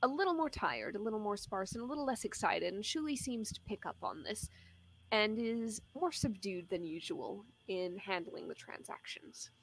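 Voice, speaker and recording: A woman game master narrating a tabletop scene with a lively, swooping delivery. Her voice has a gravelly fry at the ends of phrases. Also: mid-range voice, normal speed, poor audio.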